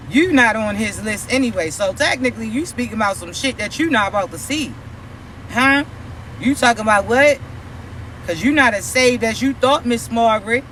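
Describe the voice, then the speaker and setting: Man with a very high voice, preachy confrontational vlogger, profane, faint street noise. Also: bright, forceful tone. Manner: rhetorical questions at an imagined critic. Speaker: spiritual content creator. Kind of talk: preachy spiritual rant.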